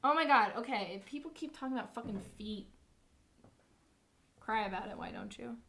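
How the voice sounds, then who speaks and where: Bright, profane young woman streamer. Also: a little high, moderate pace. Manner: profane, animated storytelling. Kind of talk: casual livestream chat.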